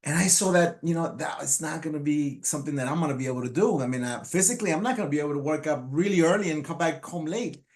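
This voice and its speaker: A man in his fifties whose first language is Spanish, giving a motivational speech about his life, halting with many restarts and fillers. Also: a little high, a little mellow. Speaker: motivational speaker. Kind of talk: personal storytelling speech.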